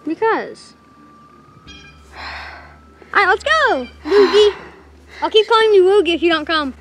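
A woman's voice: very high-pitched, expressive, measured pace, background noise. A woman voicing Mario, a cocky grown man who teases his brother, in a comedy sketch. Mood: teasing. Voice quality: teasing, mocking.

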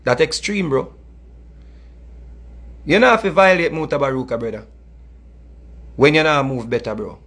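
A man's voice: fairly high pitch, moderate pace, pauses often, a bit bright, husky. A middle-aged man with a Jamaican accent, delivering a heated, scolding monologue that mixes in Patois and repeats his points. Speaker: music commentator.

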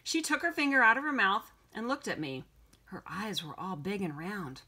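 Female audiobook narrator, bright tone, first-person storytelling. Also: medium pitch, animated, moderate pace. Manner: clear, storytelling read-aloud. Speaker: audiobook reader.

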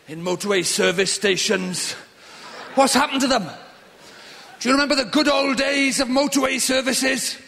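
A Welsh man doing a stand-up routine, ranting in loud, exasperated bursts, recorded live in a venue. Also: very high-pitched, vocal fry, slight background noise. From Wales. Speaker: stand-up comedian.

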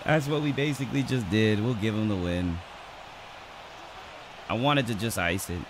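A man's voice: on the low side, normal speed, noisy background. Hyped, foul-mouthed gamer guy. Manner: excitable, profane trash talk, shouts when hyped. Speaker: gaming channel host. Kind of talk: live gameplay commentary.

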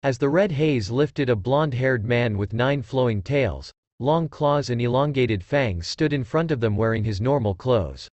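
A man narrating fan fiction in a steady, plain reading voice. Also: mid-range voice, moderate pace, few pauses, no room sound.

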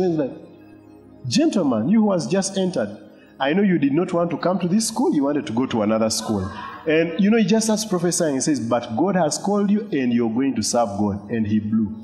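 A man preaches a sermon in a long-reverb church hall. He tells a personal story animatedly, voicing other people and adding asides, then drops to quiet, earnest teaching. Faint music sits in the background. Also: on the high side. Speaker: pastor.

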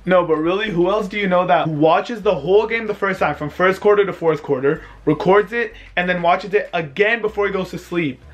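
A vlogger in his twenties, with a high-sitting voice, rants fairly quickly with few pauses about his team's defeat, sounding exasperated and self-pitying. He filmed at home late at night, and the audio is dull with faint music behind.

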